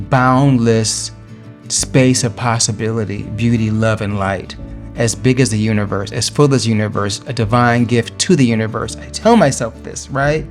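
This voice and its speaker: A man earnestly talking through personal affirmations in a motivational vlog, encouraging and emphatic. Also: medium pitch. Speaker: vlogger sharing affirmations. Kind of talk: motivational talk to camera.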